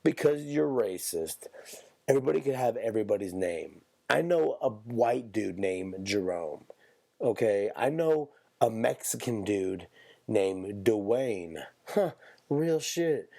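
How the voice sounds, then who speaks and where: A man's voice: lowish voice, lively intonation, unhurried, vocal fry, warm tone, no room sound. A man hosting a podcast, talking in a rambling, profane, off-the-cuff comedic monologue. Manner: rambling, profane, self-interrupting. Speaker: podcast host.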